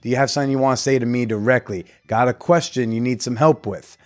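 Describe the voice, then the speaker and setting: A man's voice: mid-range voice, fast. A man hosting his own podcast, chatting loosely with a guest and then reading out the show's announcements. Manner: loose, joking, a little tipsy from shots. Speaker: podcast host. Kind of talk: casual chat and show announcements.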